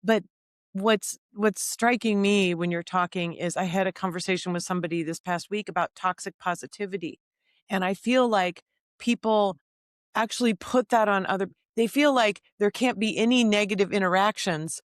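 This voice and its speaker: A woman's voice: mid-range voice, normal speed, no echo, clean studio sound. A woman podcast host in casual interview chat, speaking thoughtfully and building on her guest's points.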